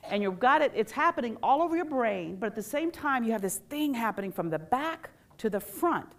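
A woman presenter in a somewhat high voice, talking to a live audience. She is playful and animated, and she keeps pulling listeners in with questions. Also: a little fast. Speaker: workshop presenter. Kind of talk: lively talk to a live audience.

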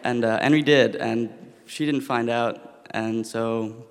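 Teenage boy, live stage storytelling, casual, laughing, lots of fillers, middle pitch, long hall reverb. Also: fairly even intonation, slow, clean tone. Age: teens. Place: live stage before an audience.

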